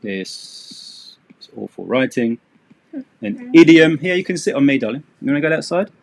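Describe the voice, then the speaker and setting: A man's voice: medium pitch, lively intonation, normal speed, gravelly. Chatty man teaching English. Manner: casual, joking, sarcastic asides. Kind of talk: live-streamed English lesson.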